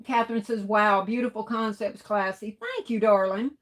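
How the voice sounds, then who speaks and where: A woman's voice: medium pitch, fairly even intonation, moderate pace, a bit bright, low-quality recording. A woman hosts a casual livestream, reading viewer comments aloud and greeting each one affectionately as baby and honey. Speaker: livestream host.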